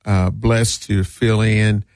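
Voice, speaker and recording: Gravelly man hosting a radio show. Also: lowish voice, slow, dry recording, clean studio sound. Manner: animated, laughing, slips into mock voices. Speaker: fill-in radio host. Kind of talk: casual radio talk.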